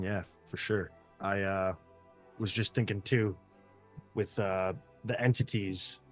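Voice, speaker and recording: A man hosting a casual podcast chat, talking in a laid-back way with many fillers. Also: fairly low pitch. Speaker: podcast host.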